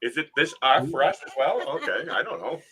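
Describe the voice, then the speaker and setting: A man from Canada in casual group chat, animated and joking with quick exclamations. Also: mid-range voice, crowd noise.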